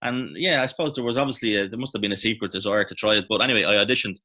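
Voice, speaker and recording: An Irish man in his thirties, an actor reminiscing in a relaxed, rambling interview with many fillers and restarts. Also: lowish voice, racing. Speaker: actor guest. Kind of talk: casual interview chat.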